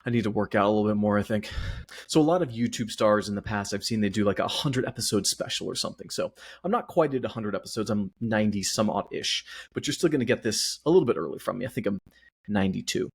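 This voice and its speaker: Guy hosting his podcast solo, a bit out of breath, husky voice, rambly and jokey about himself. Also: on the low side, expressive, fast. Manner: chatty, self-deprecating, rambling. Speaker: podcast host. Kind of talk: casual solo podcast monologue.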